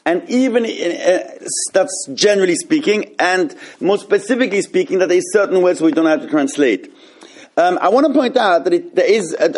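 A man teaching an informal Torah class, animated and halting, often restarting his sentences. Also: sits high.

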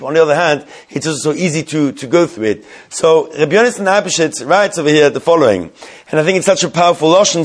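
A man giving a Torah class, reading Hebrew lines slowly and then explaining them in English with frequent restarts. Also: on the high side. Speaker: Torah teacher.

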